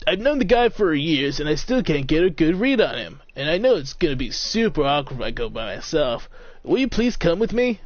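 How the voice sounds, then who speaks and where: A man's voice: fairly high pitch, very animated, brisk. A man voicing a nervous, awkward adult friend asking for a favor, hesitant in his speech. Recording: dull lo-fi mic, faint music.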